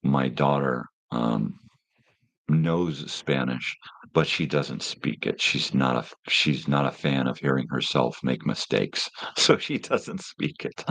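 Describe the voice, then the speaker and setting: A man's voice: a bass voice, takes it slowly, creaky, a bit bright, no room sound. A middle-aged man hosting a live stream, chatting casually with viewers in a rambling, laid-back way full of slang.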